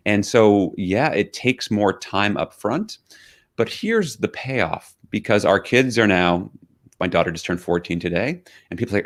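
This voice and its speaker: Casting: middle-aged male author guest, lowish voice, reflective anecdotal storyteller. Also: lively intonation, normal speed. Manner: reflective storytelling with quoted dialogue. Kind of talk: interview conversation.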